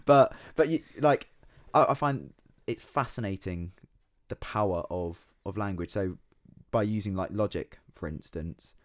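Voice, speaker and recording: Low-voiced young man, lively casual podcast chat, dry close mic. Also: measured pace, no room sound. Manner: animated, laughs often, swears freely. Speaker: podcast guest.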